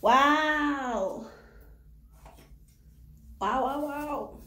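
A woman's voice: high voice, extremely slow, sharp tone, reverberant, slight background noise. A woman chatting casually through a home haircut in her vlog, flustered, swearing and laughing nervously. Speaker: hair vlogger. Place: echoey room at home.

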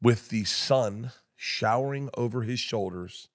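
A man's voice: medium pitch, unhurried. A man spins long, rambling anecdotes on a podcast as a comedian guest. He acts out the voices of everyone in his stories and keeps breaking into laughter as he goes. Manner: loud rambling storyteller, acts out others' voices, laughs often. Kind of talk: casual podcast storytelling.

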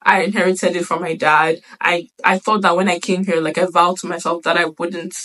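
A woman's voice: fairly low pitch, flat delivery, normal speed, fairly bright tone. A woman quoting a hot-tempered schoolgirl. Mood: remorseful. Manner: earnest, apologetic. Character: hot-tempered but remorseful teenage schoolgirl.

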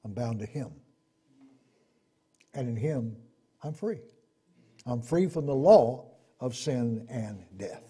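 A man preaching a sermon, swinging between loud emphatic points and low asides, acting out the people he quotes. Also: expressive, takes it slowly, long pauses, husky.

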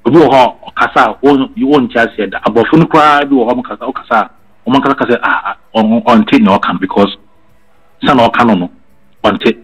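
A man's voice: medium pitch, fast talker, breathy edge, low-quality recording. A Ghanaian man talking casually, switching between Twi and English and often repeating his words. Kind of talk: casual chat. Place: living abroad in England.

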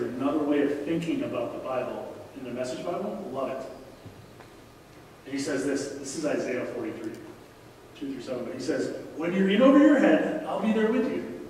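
A man's voice: a little high, a little mellow. A man in his forties giving a conversational sermon as a guest preacher, repeating key lines and pleading with the congregation. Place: large church sanctuary. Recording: echoey hall from far off, faint noise.

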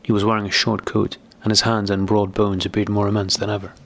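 Low-voiced guy reading an old novel, slow and steady. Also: creaky. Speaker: audiobook narrator. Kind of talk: steady audiobook narration.

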